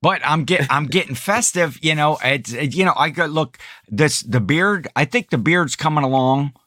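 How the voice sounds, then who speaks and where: A man's voice: a little high, lively intonation, normal speed, sharp tone, no echo, studio quality. A man co-hosting a podcast in casual chat, rambling with frequent laughs and restarts. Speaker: podcast co-host.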